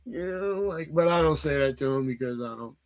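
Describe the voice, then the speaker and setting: A man's voice: on the high side, lively intonation, brisk. A young man telling a rambling, profane story in a casual vlog, with lots of fillers. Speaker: vlogger.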